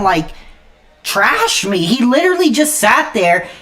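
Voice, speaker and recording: A man streaming an angry, profane rant, swinging between loud outbursts and low muttered asides. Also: sing-song, measured pace. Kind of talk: angry ranting monologue.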